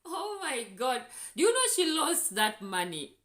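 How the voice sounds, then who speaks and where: Kenyan woman vlogging, bright voice, echoey room, fired up telling her story. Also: sits high, unhurried. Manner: indignant, animated storytelling. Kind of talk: storytelling vlog.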